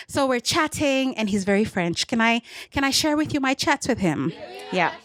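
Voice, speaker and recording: Woman doing lively stand-up. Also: on the high side, normal speed. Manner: animated storytelling with put-on voices. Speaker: stand-up comedian. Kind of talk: stand-up comedy routine. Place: comedy club stage.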